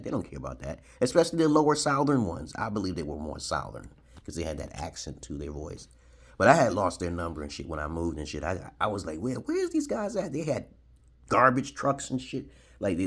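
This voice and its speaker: A man's voice: rumbling low, breathy edge. A man in his forties from Brooklyn, New York, telling a rambling story to camera and tagging his points with "okay?". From Brooklyn, New York, USA. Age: 40s. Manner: rambling, keeps adding "okay?", chuckles. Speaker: video blogger.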